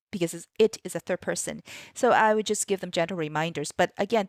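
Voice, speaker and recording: A woman's voice: mid-range voice, brisk, no room sound, studio quality. A woman ESL teacher walking through a kids' lesson plan in a chatty way, with many fillers and "right?" tags.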